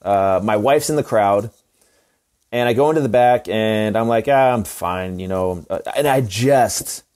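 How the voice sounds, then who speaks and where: A man's voice: on the low side, measured pace, darkish tone. A young adult man, a wrestler on a podcast, telling a story in casual, rambling chat full of restarts and swearing. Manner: rambling, profane, lots of restarts and fillers. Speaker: podcast co-host, pro wrestler.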